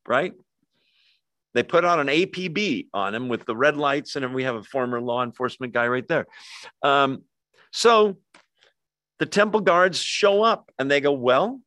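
Male pastor, middle-pitched, chatty storyteller, dry close-miked sound, asides to the room. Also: no room sound. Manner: conversational, animated storytelling with quick asides to the congregation. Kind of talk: sermon.

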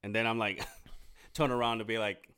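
A man's voice: lowish voice, flat delivery, moderate pace, sharp tone, smooth. A young man co-hosting a podcast, chatting casually in long rambling stories, swearing often and acting out his friends' lines. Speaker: podcast co-host. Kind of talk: casual chat.

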